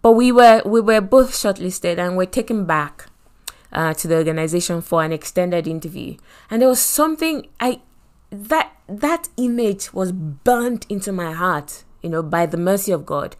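A middle-aged woman from Nigeria with a Nigerian accent, telling a personal story in a motivational faith talk, animated, with many asides and repeated phrases. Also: fairly low pitch, moderate pace. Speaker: podcast host and Christian speaker.

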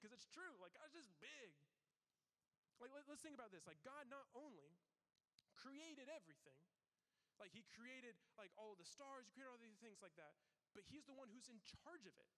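Young guy preaching to students, high-pitched, chatty and animated, lots of likes, big reverby hall. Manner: chatty, filler-heavy, animated, acts out God's questions. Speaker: youth pastor. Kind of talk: casual sermon to students.

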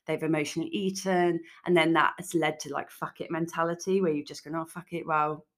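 A woman's voice: low voice, fairly even intonation, fairly quick. A woman hosting her own podcast as a food coach, talking casually and frankly with lots of "like". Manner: chatty, frank, peppered with "like". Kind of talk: casual solo podcast talk.

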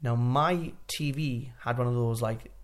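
A man hosting a podcast, eagerly telling stories and firing off quick follow-up questions. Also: medium pitch. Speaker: podcast host. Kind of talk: casual podcast conversation.

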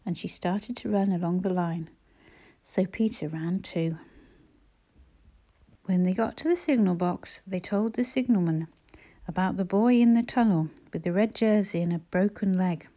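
A woman reading a classic children's story aloud with gentle, measured narration. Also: fairly low pitch. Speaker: audiobook reader.

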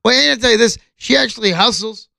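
A man's voice: very high voice, fast talker, gravelly, pushed and bright, no room sound. A man who is a stand-up comedian, chatting casually on a podcast and plugging shows with lots of fillers.

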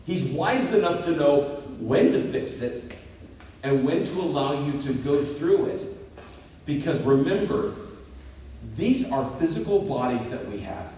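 A man in his fifties preaching a sermon as pastor, telling jokes on himself in a lively, swooping voice. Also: unhurried, pauses often, a little hiss or hum. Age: 50s. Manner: lively, self-deprecating storytelling with swooping pitch. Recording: echoey hall picked up from a distance.

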